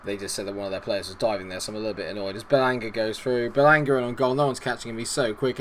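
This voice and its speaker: A man giving chatty, excitable commentary over a football management game and talking to his viewers. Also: on the low side, racing, few pauses, slight background noise. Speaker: gaming video host.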